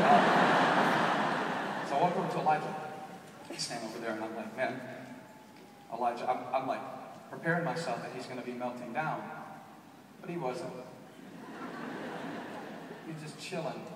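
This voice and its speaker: A man's voice: on the high side, normal speed, long pauses, background noise. A man, a pastor telling a story and preaching a sermon at a large conference. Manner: storytelling, builds to shouted preaching. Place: large arena. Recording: echoey arena from far off.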